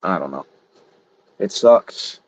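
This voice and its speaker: A man's voice: sits low, animated, slow pace, a little mellow, no room sound. A middle-aged man in casual chat, frustrated and rambling, swearing heavily. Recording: dull lo-fi sound.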